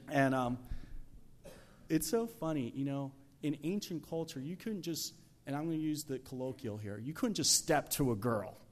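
In a church, a man preaches a sermon in a lively, conversational style, acting out scenes and swinging between shouts and whispers. He uses many "you know"s, and his voice is on the high side at normal speed.

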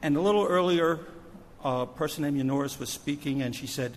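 A missions pastor, a man, tells a story from the pulpit with animated energy, now loud, now soft. His voice carries a long church-hall reverb. A faint hum of the room sits underneath. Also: on the high side, a little fast. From New Jersey. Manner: animated storytelling with shifting loudness. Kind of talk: sermon story. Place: church sanctuary.

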